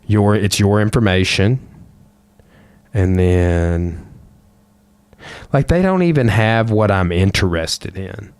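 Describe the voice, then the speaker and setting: A deep-voiced man hosts a podcast and rambles loosely, full of filler and swearing. The sound is dry and close, with no room around it. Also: lively intonation, takes it slowly, long pauses, darkish tone, clear, resonant tone, no room sound. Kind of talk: casual chat.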